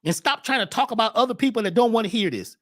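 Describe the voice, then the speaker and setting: Fiery preaching man, wildly swinging pitch. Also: expressive, fast. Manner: preachy, swings from shouting to hushed. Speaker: host. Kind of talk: impassioned spiritual talk.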